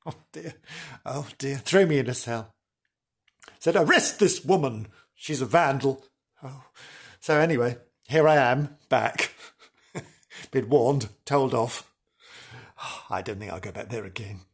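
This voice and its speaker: A man's voice: mid-range voice, slow, long pauses, husky. A man voicing a dotty, tipsy woman wandering a haunted castle, rambling and giggly. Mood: flustered.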